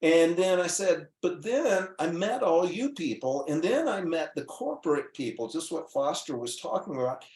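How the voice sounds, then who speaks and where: A man with a slightly high voice tells his story earnestly and with animation. He plays out both sides of the conversations he recalls. The sound carries a noticeable room echo. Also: big pitch swings, normal speed, hardly any pauses, a little mellow. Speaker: guest doctor. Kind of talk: casual storytelling on a call-in show.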